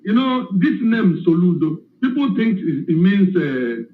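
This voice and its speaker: An emotional man calling in, explaining slowly and emphatically. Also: high-pitched, big pitch swings, slight background noise. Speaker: caller. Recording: echoey phone line.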